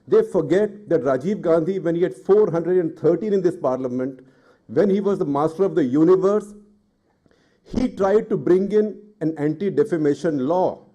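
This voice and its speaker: A man's voice: fairly high pitch, moderate pace, dull audio. Indignant middle-aged man speaking on a panel. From India. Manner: forceful and indignant, rising in anger. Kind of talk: impassioned public talk.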